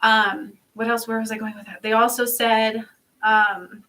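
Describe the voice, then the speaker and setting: A woman speaking as a spiritual channeler in a casual livestream monologue, excited and rambling, laughing often and dropping into soft asides. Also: fairly high pitch, a little slow, recorded from a distance, low-quality recording. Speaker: spiritual channeler streaming to followers.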